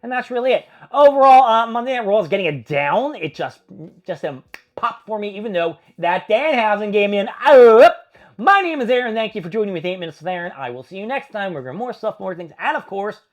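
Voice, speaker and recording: A man's voice: high-pitched, expressive, brisk. A man hosting a casual wrestling review vlog, recapping matches in a rambling, profane play-by-play and acting out what the wrestlers said.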